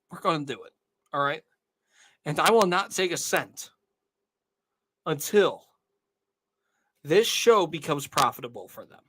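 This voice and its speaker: Here the young male host, in his twenties, has a fairly high and slightly bright voice. Emotional to the point of tears, he talks earnestly to his viewers in a casual monologue, asking "all right?" over and over.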